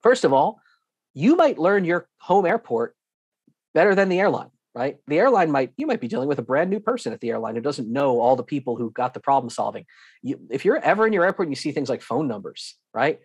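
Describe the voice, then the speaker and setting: A man giving an online lesson with slides, talking in a lively, emphatic way, acting out airline staff and repeating himself for emphasis. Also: on the high side, fairly quick, husky, dry recording. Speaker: guest instructor.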